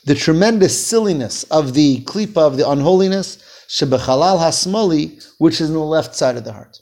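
A man's voice: fairly high pitch, animated, brisk, darkish tone. A man leading a text-study class, reading Hebrew phrases aloud, translating them and asking his students questions. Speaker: Torah teacher.

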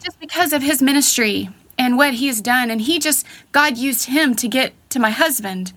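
A woman's voice: high voice, lively intonation, normal speed, fairly bright tone. A woman in her thirties, speaking in a heartfelt way as a guest in a casual conversation. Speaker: podcast guest.

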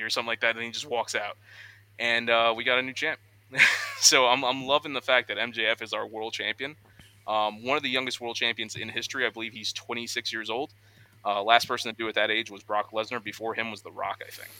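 An energetic young man co-hosts a casual news podcast. His voice is strikingly bright and forceful. He sits in a dead, dry-sounding room, and he often slips into mock voices when he quotes people. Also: medium pitch, brisk, no echo. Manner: excitable, acts out quotes in voices. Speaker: podcast co-host.

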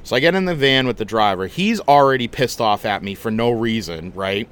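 A man hosting a podcast, telling a story in a casual, animated, chatty way and swearing freely. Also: fairly low pitch, fairly quick, smooth. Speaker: podcast host.

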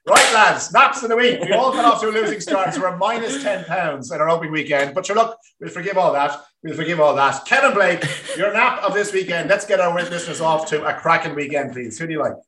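A man's voice: sits high, a little fast, hardly any pauses, pushed and bright, roomy sound. A man hosting a casual horse racing tips podcast with jokey banter. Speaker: podcast host.

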